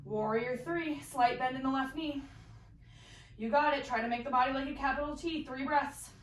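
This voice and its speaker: A woman's voice: high-pitched, moderate pace. A woman teaching a guided yoga class, calling out poses and breaths with encouraging cues while practicing along and a little out of breath. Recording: roomy echo, voice from a distance.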